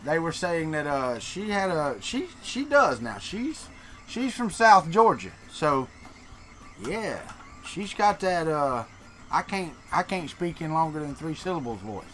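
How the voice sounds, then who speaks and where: A man's voice: fairly high pitch, big pitch swings, unhurried, fairly bright tone, a little hiss or hum. A man from Florida with a Southern American accent, chatting and joking with viewers on a live stream. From Florida, Deep South. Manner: joking, chatty, reads and answers chat. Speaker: streamer host. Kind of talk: casual live-stream chat.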